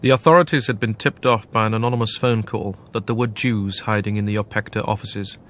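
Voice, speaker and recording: A man narrating a documentary in a measured, grave scripted delivery. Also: lowish voice, steady tone, fairly bright tone.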